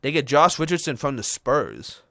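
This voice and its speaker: Male co-host, mid pitch, casual chatty delivery, dry close mic. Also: very animated, gravelly, fairly bright tone, dry recording. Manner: rundown of trades, fillers and quick asides. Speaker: podcast co-host. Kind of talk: casual sports chat.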